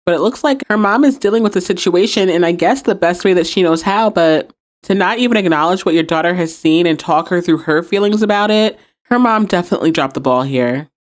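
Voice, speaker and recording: A woman's voice: medium pitch, brisk. Chatty, wry woman podcast host. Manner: chatty, wry, laughs often. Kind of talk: casual episode recap.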